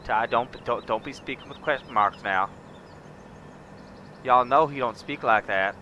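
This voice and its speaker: A man's voice: mid-range voice, a little slow, pushed and bright, dull audio. A man putting on a brash good-ol'-boy southern rancher voice, drawling and teasing. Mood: boisterous. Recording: noisy background.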